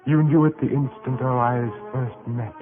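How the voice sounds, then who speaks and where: An actor playing a brooding aristocratic lord of a manor in a 1940s radio play, speaking in an intense, low manner. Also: male voice, fairly even intonation, moderate pace, over music, close to an everyday voice. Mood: impassioned. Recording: tinny lo-fi 1940s radio broadcast.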